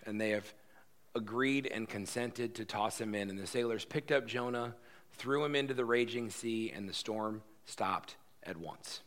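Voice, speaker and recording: A man's voice: on the low side, normal speed, a bit bright. A man preaching a sermon as pastor, emphatic and conversational, acting out quoted lines.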